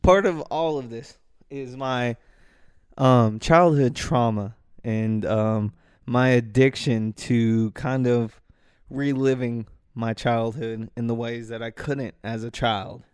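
A man's voice: mid-range voice, steady tone, takes it slowly, darkish tone, clear, resonant tone, dry recording. A man hosting a solo podcast, rambling casually into a close microphone, swearing freely and breaking into rants. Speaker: podcast host. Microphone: microphone close to mouth.

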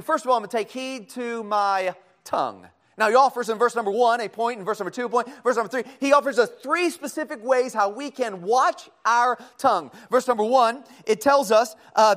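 A man's voice: very high-pitched, a bit bright. A man preaching a Bible study sermon in a folksy, conversational way, often asking the congregation questions.

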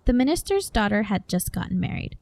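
A woman's voice: medium pitch, big pitch swings, fairly quick, vocal fry, a little mellow. A young woman co-hosting, chatting casually and reading a story aloud. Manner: chatty, lots of fillers like 'like'. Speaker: podcast co-host.

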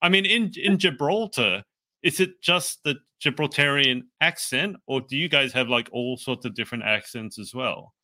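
A man hosting a podcast interview, animated and laughing often as he asks questions. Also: medium pitch, moderate pace. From Australia. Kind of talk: casual interview chat.

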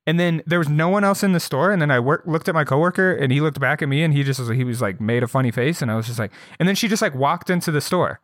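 A man's voice: mid-range voice, lively intonation, fast talker, hardly any pauses, a bit bright, dry recording. A man co-hosting a podcast in casual chat, telling stories in a laid-back way with dry humor. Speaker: podcast co-host.

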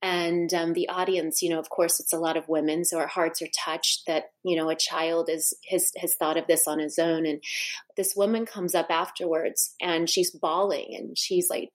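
Middle-aged woman guest, slightly low voice, earnest, tells stories with frequent restarts. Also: flat delivery, normal speed. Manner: heartfelt, with many restarts and asides. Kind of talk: personal storytelling in a conversation.

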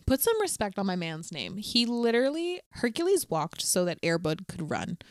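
Young woman podcast co-host, smooth and resonant, playful casual chatter, dry close sound. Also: medium pitch, very animated, moderate pace, no echo. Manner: chatty, playful, breaks into humming and singing. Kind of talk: casual chat.

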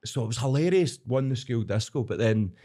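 Speaking a little fast at medium pitch, the Scottish entertainer tells stories on a relaxed podcast, slipping into character voices and laughing often as a lively guest.

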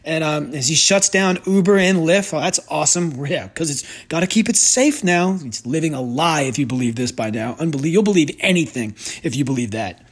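Speaking into a new, sensitive desk microphone, a man who hosts a sports betting podcast and bets on sports rants in a sarcastic, profane, rambling way. His fairly high voice is expressive and slightly rough, and he moves briskly with few pauses.

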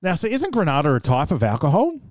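An Australian man chats on a podcast with a bouncy, animated voice that rises high. He laughs a lot and leaves sentences hanging. The recording is dry and close. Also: fast, dry recording. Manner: chatty, laughs often, trails off mid-sentence. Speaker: podcast co-host. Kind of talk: casual chat.

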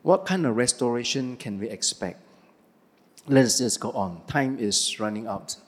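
A man preaches an animated sermon, firing questions at the congregation and answering them himself. His voice sits at medium pitch and a measured pace, with a long reverb tail.

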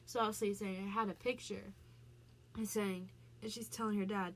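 Speaking casually as a vlogger, a woman explains what some song lyrics mean, peppering her talk with "like" and frequently restarting her sentences. Her mid-range voice moves little in pitch and comes at a fairly quick pace, with slight noise in the background.

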